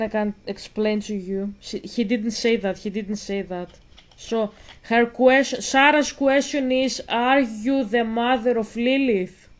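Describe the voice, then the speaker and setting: Slow insistent woman vlogger. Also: fairly high pitch. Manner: slow, insistent, repeats herself while explaining. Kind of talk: spoken commentary on a video.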